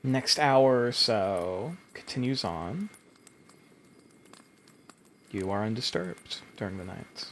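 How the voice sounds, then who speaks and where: A man narrating a tabletop game as game master, slowly and with hesitant pauses. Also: on the low side, lively intonation, fairly bright tone, slight background noise.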